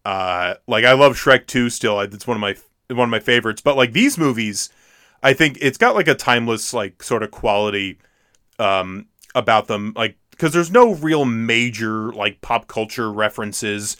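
Young man, casual podcast co-host, bright voice, dry close mic, lots of filler words. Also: mid-range voice, expressive, normal speed, no echo. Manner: rambling, heavy use of "like". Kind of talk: casual chat.

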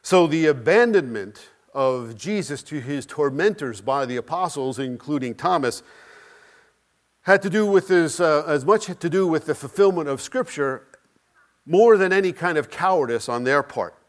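A man preaching an Easter sermon, emphatic, with dramatic pauses and swings between loud and soft. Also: a little high, animated. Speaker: pastor.

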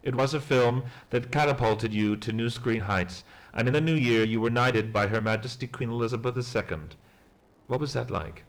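A man interviewing an actor in a mock interview, asking questions in a measured, formal way. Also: mid-range voice.

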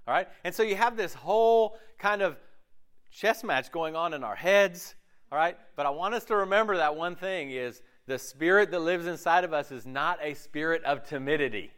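The pastor's voice is high-pitched and a bit bright. In a conversational sermon, he regularly puts questions to his listeners and acts out, in quotes, what their inner voices say.

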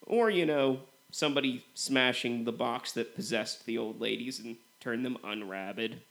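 A man co-hosting a movie podcast, comparing films in a relaxed way with lots of "you know". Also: mid-range voice, normal speed, creaky. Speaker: podcast co-host. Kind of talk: casual movie review chat.

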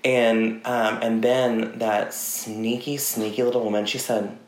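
A young man chatting as a podcast guest, telling animated stories with lots of fillers and laughs. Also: fairly low pitch, a little slow. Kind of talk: casual chat. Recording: roomy echo.

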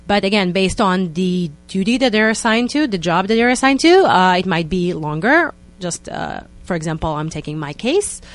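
An Israeli woman in her thirties speaks in a somewhat low voice. She is a radio interview guest who explains things earnestly and pauses often to find her words. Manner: earnest and explanatory, with frequent hesitations.

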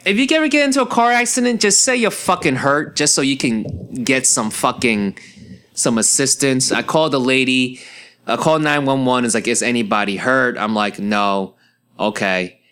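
A man's voice: medium pitch, pushed and bright, clean tone. A young man, ranting in a profane, heated casual monologue as a podcast host.

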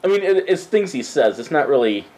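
Guy with a lively voice, laughing a lot, crude podcast banter. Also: fairly high pitch, fairly quick. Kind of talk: casual chat.

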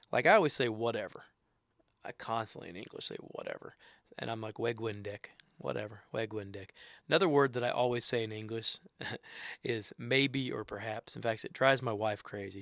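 A middle-aged man teaching words and phrases in a casual way, repeating each one slowly for learners. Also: medium pitch, gravelly, a bit bright, no echo, studio quality. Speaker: language teacher. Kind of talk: casual instruction.

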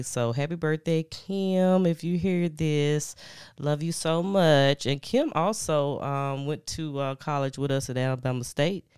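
A woman's voice: low-pitched, a little mellow, clear, resonant tone, no echo, studio quality. A woman hosting a podcast in a casual, laid-back chat, slangy and full of fillers. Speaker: podcast host.

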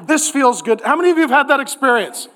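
A man's voice: extremely high pitch, quick pace. A man in his forties preaching a sermon in church, joking and acting out little voices. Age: 40s. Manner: animated, joking, acts out voices in quotes. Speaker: pastor.

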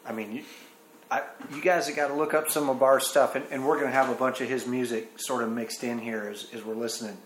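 A man with a Southern US accent, hosting a casual music interview in a relaxed, conversational way. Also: mid-range voice, quick pace, roomy sound, a little hiss or hum. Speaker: host. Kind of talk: casual interview and read sponsor spot.

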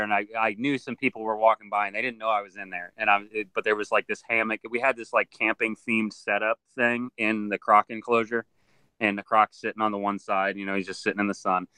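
A man who works with alligators and crocodiles tells stories in a casual interview, slipping into other people's voices as he goes. His voice sits a little low and sounds bright and crisp. The sound is dry and close. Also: no echo, rough recording. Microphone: video call.

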